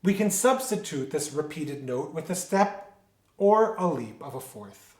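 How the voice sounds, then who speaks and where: Male music teacher, slightly high voice, patient explainer who asks and answers his own questions, echoey room. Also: animated, a little slow. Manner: explanatory, poses rhetorical questions and answers them. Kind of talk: instructional lecture. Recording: roomy echo.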